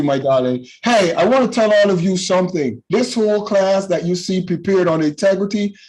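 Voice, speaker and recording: Loud, passionate husky-voiced man. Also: sits high, low-quality recording. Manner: loud and passionate, with call-and-response phrases. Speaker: teacher leading a youth class. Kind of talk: passionate preaching-style class talk.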